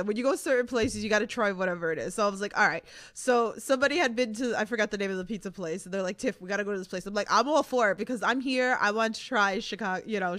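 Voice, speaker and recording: A woman's voice: mid-range voice, a bit bright. A woman from Queens with a New York accent, hosting a casual interview chat and laughing often. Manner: chatty, laughs often, gushing. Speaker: podcast host.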